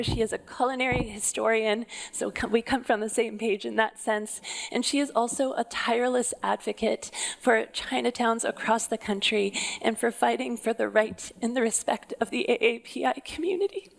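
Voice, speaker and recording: Gravelly-voiced woman hosting a museum stage. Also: on the high side, steady tone, normal speed. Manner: effusive, emotional, laughs often. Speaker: museum food historian and host. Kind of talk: live stage introduction. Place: museum stage before an audience.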